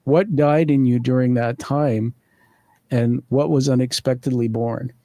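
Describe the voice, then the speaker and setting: A man hosting an interview show, setting up the conversation and explaining its segments in a measured way. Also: mid-range voice, steady tone, mellow, no room sound. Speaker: podcast host. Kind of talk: structured interview introduction.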